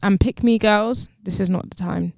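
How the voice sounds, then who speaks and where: A woman, co-hosting a casual podcast and telling stories in an animated, indignant way, swearing freely. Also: moderate pace, creaky, no room sound, studio quality. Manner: animated storytelling with swearing, jumps high when indignant. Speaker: podcast co-host.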